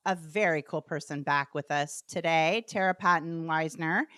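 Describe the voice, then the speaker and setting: A woman hosts a podcast in a bubbly, chatty manner, tossing in animated asides as she talks. Her voice sits fairly low for a woman. The recording is close and dry, with no room sound. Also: clear, resonant tone, no room sound. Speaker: podcast host. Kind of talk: casual podcast chat.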